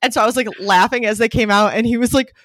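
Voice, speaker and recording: A woman co-hosting a casual podcast, talking candidly and swearing freely, leaning on "like" and jumping up high when she quotes herself. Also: fast, no echo, clean studio sound. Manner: animated, jumps high when quoting herself. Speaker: podcast co-host. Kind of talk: casual chat.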